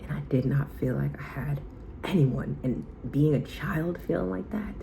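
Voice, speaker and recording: A woman vlogger giving a heartfelt self-help talk in a soft, intimate, casual way, often slipping into whispers. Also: low voice, normal speed, creaky, a little hiss or hum, rough recording.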